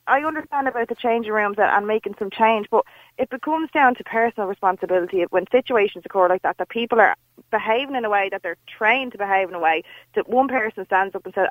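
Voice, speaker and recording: A woman's voice: medium pitch, quick pace, no room sound, narrow, tinny audio. A woman co-hosting a radio show, talking bluntly and arguing her point. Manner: blunt, argumentative. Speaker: radio co-host. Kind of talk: casual radio chat.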